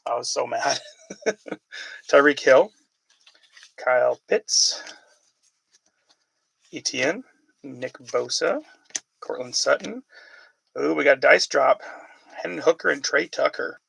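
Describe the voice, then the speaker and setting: Casual male card-break host, gravelly and a bit husky, rattling off player names between chatty asides. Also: mid-range voice, takes it slowly, long pauses, a bit bright, low-quality recording. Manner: chatty, calls out player names while reading questions from viewers.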